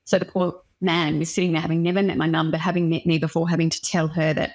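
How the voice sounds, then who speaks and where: A woman's voice: sits low, little pitch movement, quick pace. A young woman, a doctor speaking as a guest in an interview, telling a personal story frankly and with emotion. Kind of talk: candid interview conversation.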